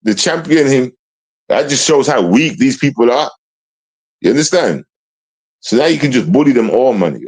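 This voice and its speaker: A man's voice: mid-range voice, animated, normal speed, pauses often, a little mellow, breathy edge, rough recording. A man hosting a livestream, ranting in a casual, confrontational way and repeating himself. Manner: confrontational, repetitive, slangy, restarts often. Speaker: livestream host.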